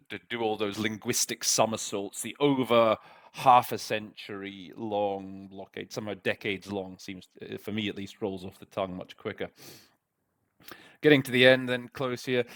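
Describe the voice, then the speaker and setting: A man's voice: lowish voice, fairly even intonation, moderate pace. A man as host of an interpreting lesson, talking casually with lots of fillers and restarts as he walks through a text. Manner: chatty, full of fillers and restarts. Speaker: interpreting tutor. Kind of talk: casual teaching breakdown.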